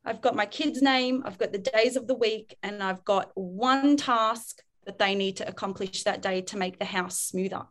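A woman's voice: medium pitch, normal speed, hardly any pauses. A woman, a parenting expert in casual podcast chat, speaking frankly and acting out quoted voices.

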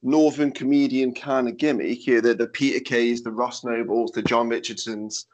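A man's voice: mid-range voice, steady tone, moderate pace, darkish tone. A man chatting as a podcast guest. He talks in a laid-back way, leaning on fillers. His voice comes through a Skype call. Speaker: wrestler guest. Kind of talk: casual podcast chat.

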